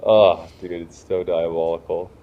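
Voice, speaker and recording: A young man with a very low voice chats loosely on a podcast, swearing and slinging slang as he laughs through his stories. A faint hiss of noise sits behind him. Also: little pitch movement, measured pace, muffled recording. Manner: crude, slangy, laughing often. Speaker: podcast co-host. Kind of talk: casual chat.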